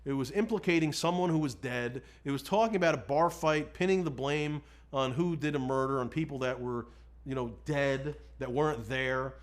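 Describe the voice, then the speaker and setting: A defense lawyer telling a story in an interview, candid and self-deprecating, often quoting himself and others. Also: male voice, mid-range voice, moderate pace.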